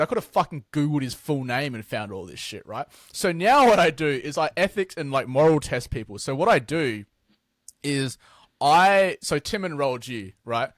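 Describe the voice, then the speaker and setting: A man's voice: on the high side, no echo, studio quality. A man, a business owner guest, telling blunt, sweary stories in a casual interview. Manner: blunt, sweary, animated storytelling.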